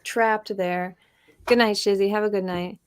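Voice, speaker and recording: A woman co-hosting a casual stream, chatty and quick to laugh. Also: mid-range voice, steady tone, clean tone. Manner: laughing, chatty, reacts often. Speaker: co-host.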